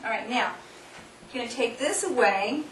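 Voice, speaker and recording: A woman's voice: a little high, expressive, normal speed, fairly bright tone. A woman speaker leading a live workshop demonstration with volunteers, coaxing and instructive, often laughing. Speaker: seminar speaker. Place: hall with an audience. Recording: distant, echoey room recording with noise.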